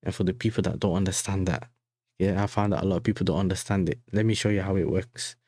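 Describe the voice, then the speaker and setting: A young man talks loosely and casually to his stream chat, his voice sitting a little low. He is heavily slangy and keeps checking in with his viewers. The sound is close and dry, with no room around it. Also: fairly even intonation, fast talker, warm tone, dry recording. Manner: chatty and slangy, keeps saying "you know what I'm saying". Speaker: football fan channel host. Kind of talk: casual livestream reaction chat.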